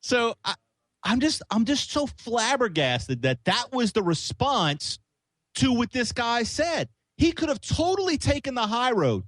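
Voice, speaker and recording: A man co-hosting a radio show, chatting about politics in an excitable, stumbling way with many restarts. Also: sits high, dry recording. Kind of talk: casual political chat.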